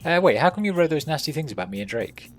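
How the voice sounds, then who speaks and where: A man's voice: on the high side, very animated, fast talker, soft background music. A man streaming a game, with puzzled, dry asides while reading dialogue aloud. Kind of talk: casual gaming commentary, reading dialogue aloud.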